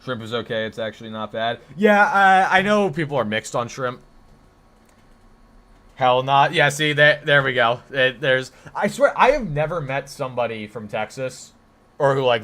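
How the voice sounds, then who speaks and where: Bright-voiced rambling streamer man. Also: mid-range voice, animated, moderate pace. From northeastern United States. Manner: rambling, reacts to chat, self-correcting. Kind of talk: casual live-stream chat.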